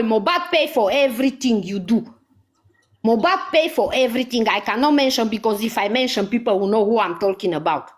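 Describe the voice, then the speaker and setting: Angry woman scolding on a vlog. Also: a little high. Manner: scolding, repeats insults and accusations. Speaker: vlogger. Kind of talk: angry live vlog rant.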